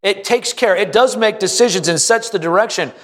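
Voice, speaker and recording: A male pastor preaching a sermon to a congregation, emphatic and rising in pitch on repeated lines. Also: fairly quick, a bit bright, big-room sound.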